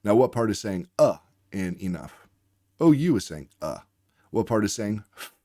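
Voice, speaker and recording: A man's voice: fairly low pitch, sing-song, normal speed, mellow, no echo, clean studio sound. A man working as a reading tutor, giving a patient lesson and sounding out words letter by letter. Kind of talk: instructional explainer lesson.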